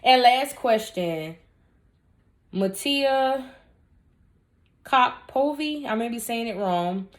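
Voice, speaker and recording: A woman's voice: fairly high pitch, lively intonation, takes it slowly, pauses often. Blunt, emphatic young woman vlogger. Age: 20s. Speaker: vlogger answering viewer questions. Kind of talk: casual storytime Q&A.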